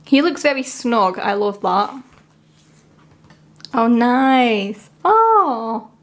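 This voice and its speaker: Slow-talking woman vlogger. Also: on the high side. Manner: chatty, rambling, emotional. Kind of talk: casual unboxing commentary.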